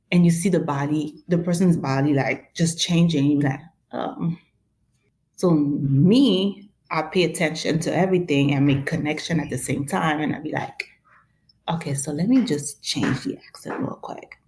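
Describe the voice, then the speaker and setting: A woman's voice: low-pitched, moderate pace. A woman with a Haitian-influenced accent, a guest chatting casually and acting out little quoted exchanges. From New York. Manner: expressive, acts out quoted exchanges. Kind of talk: casual conversation.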